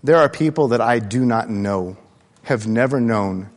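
A man preaching a sermon as pastor, animated and swinging between loud bursts and hushed asides. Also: mid-range voice, measured pace. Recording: long hall reverb.

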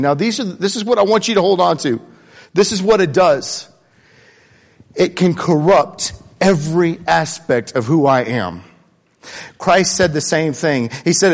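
A man preaching a sermon as pastor, animated and swinging between loud bursts and hushed asides. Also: on the high side, moderate pace, creaky. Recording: long hall reverb.

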